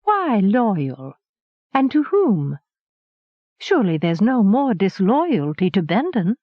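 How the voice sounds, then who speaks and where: A woman narrator voicing a sharp-tongued, skeptical middle-aged woman who asks pointed questions, on a dull lo-fi audiobook recording. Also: medium pitch, very animated, slow pace, dry recording. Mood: probing.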